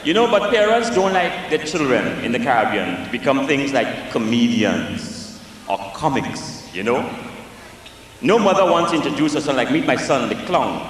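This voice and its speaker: A man with a West Indian accent performing a live comic storytelling set, lively and jokey, with sing-song swings in pitch. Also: moderate pace, big-room sound, a little hiss or hum. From West Indies.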